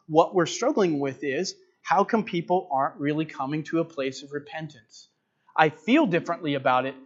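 A man's voice: on the high side, muffled recording. A man preaching a sermon, earnest and direct, building to emphatic repeated phrases. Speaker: pastor.

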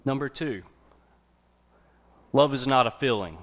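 A man's voice: medium pitch, unhurried, a bit bright. Man, casual preacher, chatty sermon delivery, mid-range voice. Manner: conversational, often checks in with "okay?".

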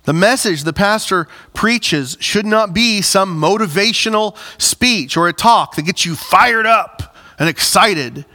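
A man's voice: a little high, pushed and bright. A man preaching a sermon, addressing the congregation directly and rising into emphatic bursts. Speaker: pastor.

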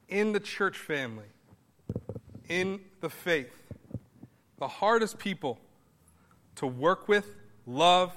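A male pastor delivers a sermon with a bright, forward tone and a fairly high voice. He talks conversationally, then pushes into emphatic bursts. The sound carries the long reverb of a large church hall.

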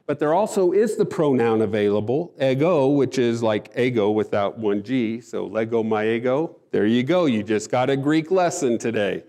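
A man's voice: medium pitch, animated, normal speed, few pauses, mellow. A man preaching a sermon, earnest and emphatic, often restarting his phrases. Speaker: pastor.

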